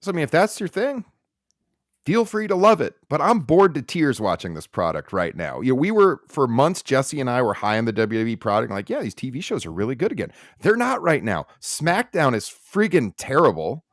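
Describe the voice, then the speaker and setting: A man co-hosting a podcast, ranting bluntly and sarcastically about what he dislikes. His pitch swings widely as he talks. The sound is close and dry, with no room echo. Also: huge pitch swings, moderate pace. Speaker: podcast co-host. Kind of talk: casual opinionated podcast chat.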